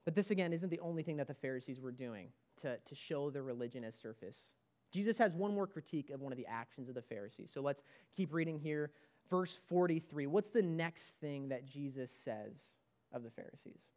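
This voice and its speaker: Emphatic man preaching, slightly high voice. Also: animated, brisk, darkish tone. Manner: emphatic preaching, repeats key phrases. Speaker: pastor. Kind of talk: sermon. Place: church.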